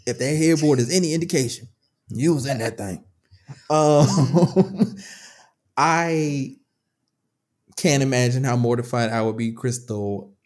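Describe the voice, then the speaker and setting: A woman co-hosting a podcast, chatting casually and telling stories in a loud, profane, laughing way. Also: extremely low pitch, a little slow, pauses often. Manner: animated, profane, laughing storyteller. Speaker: podcast co-host. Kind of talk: casual chat.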